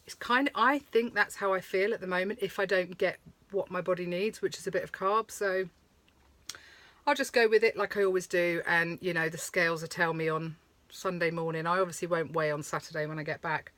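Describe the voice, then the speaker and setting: A woman talks openly to her vlog audience. Her voice sits a little low but rings bright and forward. She rambles, swears freely and laughs as she goes, and the recording is close and dry. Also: fairly even intonation, brisk, dry recording. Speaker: vlogger. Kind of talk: candid chatty vlog. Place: touring stop at a countryside campsite.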